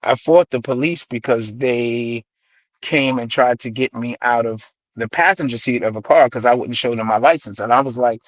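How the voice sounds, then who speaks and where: A middle-aged man from the Bronx with a New York accent tells his stories as a guest in a dry, close-miked studio. His pitch sits in the middle, and he slips into the voices of the people he quotes. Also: normal speed, no echo, muffled recording. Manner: animated storyteller who acts out quoted voices. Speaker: guest, hip-hop artist. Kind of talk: radio interview storytelling.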